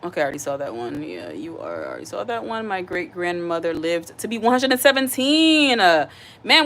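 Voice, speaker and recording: A woman's voice: lowish voice, sing-song, brisk, fairly bright tone, slight background noise. A woman hosting a casual live stream from her home kitchen. She chats straight to her viewers, reads their comments aloud, and repeats her points with earnest feeling. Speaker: livestream host. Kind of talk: casual live-stream chat while cooking.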